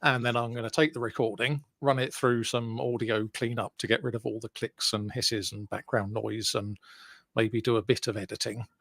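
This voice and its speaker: A laid-back man co-hosting a homemade podcast stream, explaining things in an easygoing way. His voice sits at a middle pitch, and the recording is dry and close, with no room sound. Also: fairly even intonation, normal speed, vocal fry, fairly bright tone, dry recording. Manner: laid-back, explaining the setup, easy laughs. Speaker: podcast co-host. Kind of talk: casual chat. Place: home, streamed online. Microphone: webcam setup on live stream.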